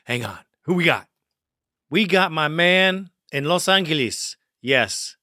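A man hosting a sports fan podcast, talking in a fired-up, rough way, cursing and laughing often. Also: a little high, animated, takes it slowly, bright, forceful tone, no room sound, clean studio sound. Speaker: podcast host. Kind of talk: casual fan podcast talk.

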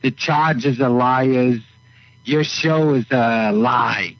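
A man's voice: medium pitch, takes it slowly, muffled recording. A man calling in and putting on the voice of an impatient old male team owner who rambles in short, clipped accusations. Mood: ranting. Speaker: caller.

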